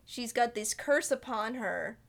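A young woman with a fairly high voice, talking casually as a podcast co-host. She walks through a movie scene by scene and drops into quick quoted voices along the way. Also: lively intonation, gravelly. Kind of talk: casual film chat.

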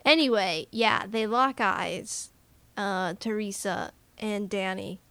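A woman's voice: mid-range voice, takes it slowly, clear, resonant tone, no echo. A woman co-hosting a podcast in casual chat, recapping a film and acting out the characters' lines. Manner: animated, acts out characters' lines. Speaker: podcast co-host.

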